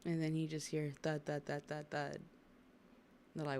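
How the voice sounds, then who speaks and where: A young woman livestreaming, reading a comic aloud and reacting in casual slangy chat, quick to get excited. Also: deep voice. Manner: slangy and excitable, says bruh and y'all.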